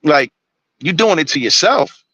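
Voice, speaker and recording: A man's voice: on the high side, expressive, a little slow, sharp tone, breathy edge, no echo, highs cut off. A man ranting on a live stream, blunt and preachy, swearing constantly. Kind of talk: profane ranting monologue.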